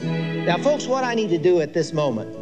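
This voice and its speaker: Lively, high-voiced man lecturing parents. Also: moderate pace, muffled recording, over loud music. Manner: storytelling, emphatic, lively delivery. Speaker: speaker on child discipline. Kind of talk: lecture to a live audience.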